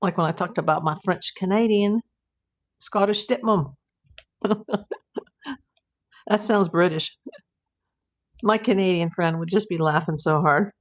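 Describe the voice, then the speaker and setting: A woman's voice: on the low side, unhurried, pauses often. A woman, a private investigator, hosting a casual live stream from home and chatting as she answers viewer comments aloud.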